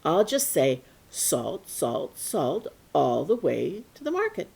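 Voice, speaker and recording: A woman's voice: low voice, wildly swooping pitch, takes it slowly, gravelly, a little mellow, breathy edge, heavily acted. A woman voicing an eager, earnest young boy in a told folk tale.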